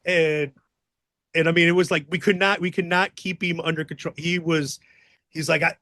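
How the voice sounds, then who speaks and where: A man telling profane, excitable wrestling stories in a casual interview, acting out the shouts of people in them. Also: on the high side, moderate pace, no room sound, studio quality. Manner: profane, excitable storyteller acting out others' voices.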